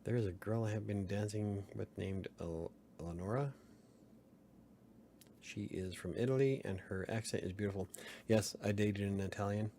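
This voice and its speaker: Low-pitched male streamer, loose rambling chat, chuckles often, faint room hum behind. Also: moderate pace, creaky, warm tone. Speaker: livestream host. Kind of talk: casual late-night livestream chat.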